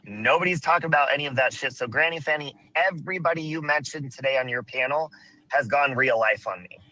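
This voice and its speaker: Bright, angry man ranting on a stream. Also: medium pitch, quick pace, no echo, poor audio. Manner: angry, defensive, profane. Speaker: caller on a live stream. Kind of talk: heated live-stream chat.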